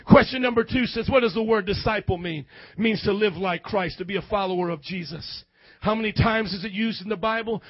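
A man preaching an energetic, slangy youth sermon that leans on call-and-response and often breaks into shouts to the crowd. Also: sits high, husky, no echo. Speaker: youth pastor. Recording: dull dry lo-fi recording.

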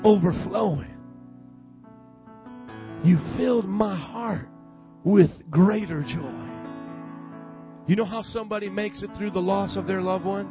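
A male pastor with a high voice preaches to his congregation and leans on call-and-response. The sound is muffled and lo-fi, with soft music underneath. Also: unhurried, long pauses. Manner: call-and-response preaching, swings from hushed to loud. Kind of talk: sermon. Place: church service. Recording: dull lo-fi church recording with faint music.

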